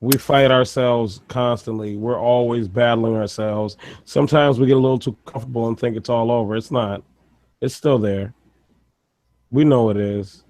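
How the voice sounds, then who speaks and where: A man's voice: medium pitch, steady tone, moderate pace, darkish tone. A man talking as a guest on a casual livestream, rambling with lots of fillers in a confessional way.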